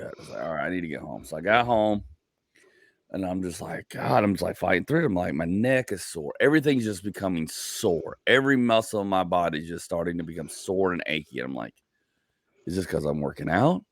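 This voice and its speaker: A man's voice: deep voice, expressive, a little fast, no room sound, studio quality. A man in his forties hosting a casual comedy podcast, telling rambling stories full of "like" and acted-out asides. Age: 40s. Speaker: podcast host.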